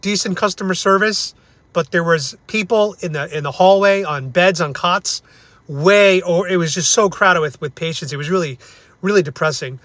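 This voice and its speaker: A man's voice: high voice, moderate pace, fairly bright tone, no room sound. A young man venting in a ranting review vlog, blunt and angry, swearing often and repeating himself for emphasis. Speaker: vlogger.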